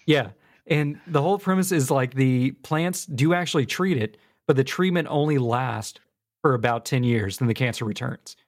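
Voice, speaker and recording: A man's voice: medium pitch, moderate pace. An easygoing man co-hosting a casual chat, recapping plots with fillers like "like" and "um".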